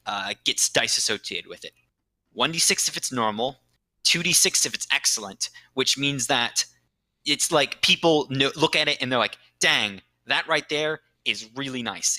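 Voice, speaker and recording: A game master walks his players through tabletop rules during a laid-back podcast conversation, filling explanations with "um"s and then hitting points hard. His very bright, mid-range voice sits close on the mic, with no room sound and rough recording quality.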